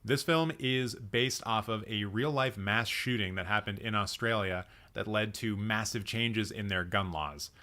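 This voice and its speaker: A slightly low-voiced man with a bright, forward tone chats casually on a live stream about films. He thinks aloud, circling back with frequent ums and restarts while responding to his chat. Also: unhurried, few pauses. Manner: reacts to chat comments. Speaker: livestream movie chat host.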